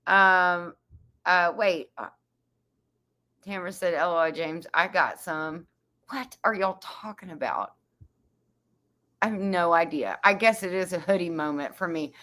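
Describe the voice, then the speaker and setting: Lady chatting on a livestream, reading comments out loud, slow easygoing pace, kinda bright sharp tone. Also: on the low side. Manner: chatty, laughs often, reads comments aloud. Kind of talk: casual chat.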